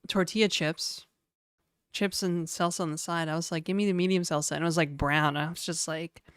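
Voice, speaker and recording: Rambling woman streamer reading chat; smooth voice, dry close mic. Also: lowish voice, steady tone, fairly quick, no echo. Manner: rambling, chatty, reads chat aloud. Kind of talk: casual live-stream chat.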